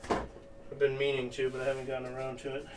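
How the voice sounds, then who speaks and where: A man's voice: mid-range voice, completely flat delivery, quick pace. A man streaming as he crafts, thinking aloud in a casual, rambling way with lots of filler words. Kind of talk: casual live-stream chat while crafting. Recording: distant mic with faint background noise.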